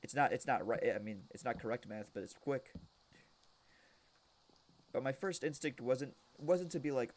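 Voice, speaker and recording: A young man chatting on a game stream, spinning a long, rambling anecdote in an ordinary mid-range voice. He restarts sentences often and builds up to loud, shouted punchlines. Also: medium pitch, lively intonation, normal speed, long pauses. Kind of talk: casual storytelling while gaming.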